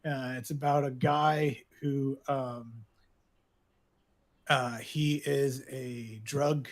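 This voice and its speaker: Speaking very slowly, this podcast co-host has a mid-range voice and a level tone. He casually recommends shows he enjoys. His talk wanders, full of filler words and frequent laughter.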